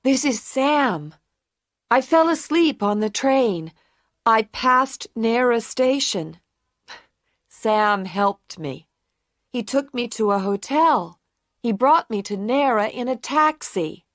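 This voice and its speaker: A woman voicing a nervous, eager young girl in a story, speaking high and bright. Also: expressive, takes it slowly, no echo, clean studio sound. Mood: earnest.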